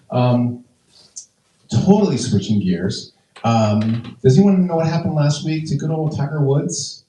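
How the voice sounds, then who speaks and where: A man's voice: medium pitch, lively intonation, normal speed, warm tone, slight background noise. A man in his fifties telling stand-up stories in a chatty, rambling way, full of fillers and restarts. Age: 50s. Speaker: stand-up comedian. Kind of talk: stand-up storytelling. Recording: echoey room, voice from a distance.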